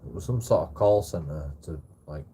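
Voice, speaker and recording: A man's voice: low-pitched, animated, normal speed, dark tone, a little hiss or hum. A young man telling a rambling story on a livestream, swearing often, stammering and restarting his sentences.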